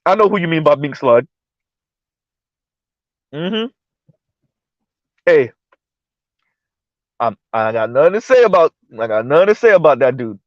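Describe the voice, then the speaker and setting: A man's voice: on the high side, measured pace, pauses often, no room sound, muffled recording. Incredulous man riffing on a live stream. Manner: animated, incredulous, repeats words and restarts often. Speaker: live-stream commentary host.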